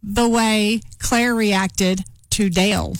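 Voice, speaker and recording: A woman's voice: mid-range voice, steady tone, takes it slowly. A middle-aged woman co-hosting a talk show, chatting and retelling a TV episode with frequent laughs. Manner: chatty storyteller, laughs often. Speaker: radio show co-host. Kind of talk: casual chat, recapping a TV show.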